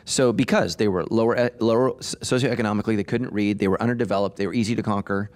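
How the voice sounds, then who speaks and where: A man's voice: lowish voice, steady tone, fast talker, a little mellow. A middle-aged man, a pastor hosting a podcast, talking emphatically in a casual discussion, with frequent restarts.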